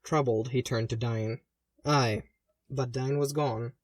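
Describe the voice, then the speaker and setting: A man reading a fantasy story aloud in a gentle, measured narration. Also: mid-range voice, fairly even intonation, dry recording, studio quality. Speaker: audiobook reader. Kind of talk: fan audiobook narration.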